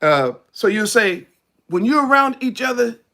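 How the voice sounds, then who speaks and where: A male preacher delivering a sermon in an easy, conversational way. His voice sits high and carries a gravelly crackle. He often sinks his voice low to drive a point home. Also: lively intonation, moderate pace, sharp tone. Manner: conversational preaching, acts out quoted speech, drops his voice low for emphasis.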